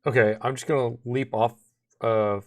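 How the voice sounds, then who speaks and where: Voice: mid-range voice, fairly even intonation, normal speed, a little mellow. A tabletop player talking in a giggly, hesitant way. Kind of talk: casual chat.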